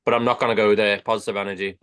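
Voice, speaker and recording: A man's voice: fairly low pitch, flat delivery, rapid-fire, fairly bright tone, clear, resonant tone. A man on a fan podcast panel, blunt and sweary in a casual chat.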